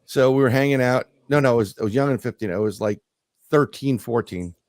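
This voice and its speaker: A middle-aged man co-hosting a podcast, telling a profane story in a loose, animated way. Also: medium pitch, brisk, dry recording. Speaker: podcast co-host. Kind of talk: casual podcast chat.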